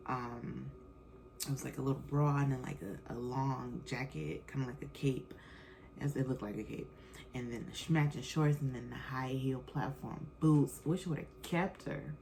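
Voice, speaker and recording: A woman's voice: very deep voice, fairly even intonation, normal speed, vocal fry, dark tone, a little hiss or hum, low-quality recording. A woman in her thirties hosting her own podcast, talking casually with lots of fillers and slang. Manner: chatty and loose, frequent fillers and slang. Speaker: podcast host. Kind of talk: casual chat.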